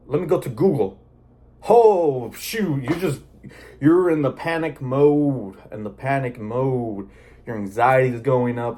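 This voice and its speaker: A man's voice: mid-range voice, mellow, breathy edge. A man talking casually and earnestly to his viewers, rambling with many fillers and restarts. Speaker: vlogger sharing personal experience. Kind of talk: casual personal talk to camera.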